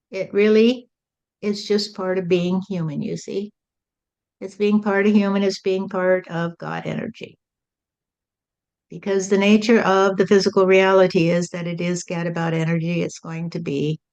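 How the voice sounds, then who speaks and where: A woman medium giving calm, repetitive channeled spiritual teaching, often adding "you see". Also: lowish voice, muffled recording.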